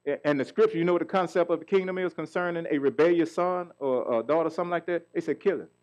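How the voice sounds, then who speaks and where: This middle-aged man preaches fast as pastor, his voice a little high and a little mellow over lo-fi sound. It's a call-and-response sermon: he keeps asking questions for the congregation to answer.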